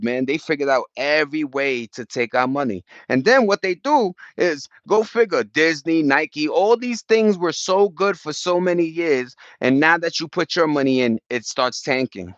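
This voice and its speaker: A man's voice: medium pitch, fairly bright tone, no echo, muffled recording. A man chatting loosely with his viewers on a live stream, slangy and profane, wandering from topic to topic. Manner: loose, profane, slangy and rambling, with frequent restarts. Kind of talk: rambling casual live chat. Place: outdoors.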